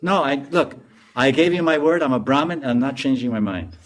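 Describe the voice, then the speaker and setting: A man voicing a greedy, comic cowherd boy who sputters and yells his protests. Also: lively intonation, a little fast, close to an everyday voice. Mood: stubborn refusal. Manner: shrill, yelling, sputtering protests.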